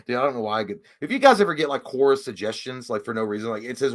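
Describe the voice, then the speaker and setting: A man's voice: medium pitch, lively intonation, quick pace. Casual, swearing male stream host. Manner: swears freely, chuckles often, loose and rambling. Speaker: co-host reading viewer chat. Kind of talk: casual livestream chat.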